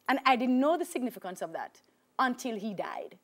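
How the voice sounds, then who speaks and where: A woman's voice: a little high, fairly quick. A woman with a Jamaican accent, a talk show guest telling her life story with emphatic repetition. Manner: animated storyteller, acts out voices, emphatic repetition.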